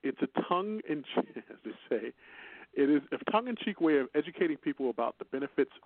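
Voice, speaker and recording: A man's voice on the high side, with lively intonation and a quick pace, comes through without room sound. Hosting an internet radio show over a phone line, he chats casually in his Chicago accent, rambling and laughing often, as someone from Chicago.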